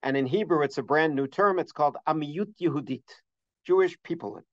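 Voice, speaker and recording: A man's voice: a little high, brisk, dry recording. A middle-aged man teaching a scholarly holiday lesson, earnest and detailed in citing sources, with frequent uhs. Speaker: religious teacher. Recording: dull, dry lo-fi recording.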